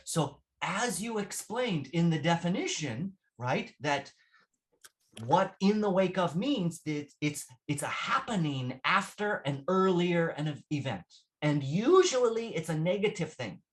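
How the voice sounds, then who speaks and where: A man's voice: a little high, very animated, unhurried. A man teaching English vocabulary in a classroom lesson, patient and repetitive, often checking with "right?". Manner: patient, repeats phrases, asks "right?" often.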